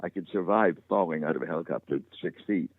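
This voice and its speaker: A man's voice: low voice, fast, no room sound. An older man, a guest in an interview, telling stories with a dry wit. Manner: dry-witted storyteller. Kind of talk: anecdotal interview chat. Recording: tinny phone line, dry.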